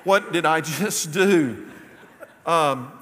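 A man preaching a sermon, telling a story and dropping his voice low for quoted lines. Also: extremely slow, fairly bright tone, a little hiss or hum. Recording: long reverb of a large hall.

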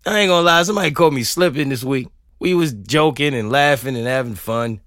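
A man's voice: mid-range voice, a little fast, fairly bright tone, dry recording, clean studio sound. A man hosting a podcast, ranting comedically, laughing often and swearing freely. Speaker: podcast host. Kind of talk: comedic rant.

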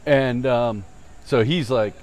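A man telling a golf story in casual chat, swearing often and acting out the shouting people in it. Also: mid-range voice, slow. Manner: animated, swearing, mimics yelling voices in stories.

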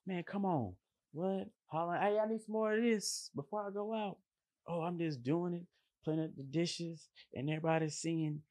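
A man, a line cook, giving a casual motivational monologue, animated and slangy, with playful emphasis and vocal sound effects. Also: fairly high pitch, moderate pace, no room sound.

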